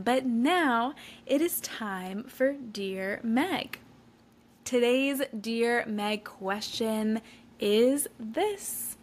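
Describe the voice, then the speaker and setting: A young woman who hosts a faith podcast, gushing and enthusiastic as she praises her guest and introduces segments. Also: on the high side. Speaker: podcast host. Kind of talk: casual faith podcast chat.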